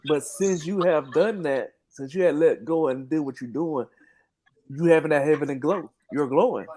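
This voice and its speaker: A man with a slightly raised voice gives his guest warm words of encouragement in casual podcast chat. There is faint noise underneath his voice. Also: on the high side, normal speed. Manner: encouraging, affirming.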